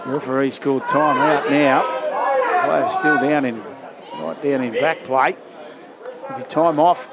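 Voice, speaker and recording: This rugby league commentator speaks slowly with vocal fry and frequent pauses, calling the match live from an outdoor ground. His pitch and volume climb during big plays. Loud crowd sounds and outdoor ambience fill the background.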